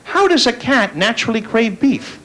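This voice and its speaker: On a comedy club stage, a man with a very high, sing-song voice performs stand-up at a moderate pace, playfully acting out his characters' voices. The live recording picks up the laughing crowd.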